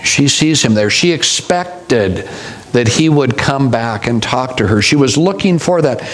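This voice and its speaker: A man's voice: mid-range voice, expressive, a little slow, rough recording. A male pastor preaching a sermon, telling stories with wry humorous asides.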